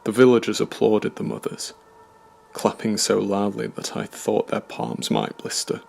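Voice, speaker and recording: Man, horror story narrator, heavy vocal fry, measured, somber. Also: lowish voice, flat delivery, a little mellow.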